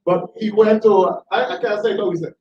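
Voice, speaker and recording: A man telling animated, laughing anecdotes in a tribute speech. He often repeats himself as he talks. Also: high voice, moderate pace, noisy background. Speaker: tribute speaker, former school educator. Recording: roomy, distant, dull hall recording.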